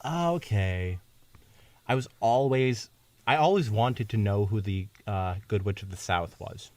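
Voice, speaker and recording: A man's voice: lowish voice, a little slow, darkish tone, dry recording. A man co-hosting a podcast, reading a fan story aloud and joking around in casual chat. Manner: playful, jokey asides. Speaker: podcast co-host and reader. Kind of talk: casual chat and fanfic narration. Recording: dry, distant mic.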